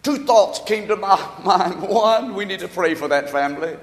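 Male pastor, impassioned sermon delivery, high and animated, long hall reverb. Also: normal speed. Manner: impassioned preaching, swings between hushed and shouting.

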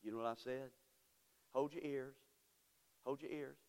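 A man preaching a sermon as pastor, moving from quiet storytelling to shouted, impassioned praise. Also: mid-range voice, steady tone, a little slow. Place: church sanctuary. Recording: church hall with long reverb.

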